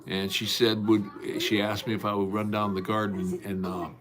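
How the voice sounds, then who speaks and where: Deep-voiced man rambling folksy on a livestream. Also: flat delivery, moderate pace, a crowd in the background. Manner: folksy, rambling, with many fillers and restarts. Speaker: livestream host. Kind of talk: casual livestream chat, greeting and answering viewers. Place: at home.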